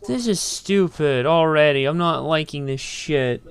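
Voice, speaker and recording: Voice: mid-range voice, a little slow, clean tone. A game streamer giving casual, profane commentary while getting frustrated with the controls. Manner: frustrated, swearing, ranting at the game.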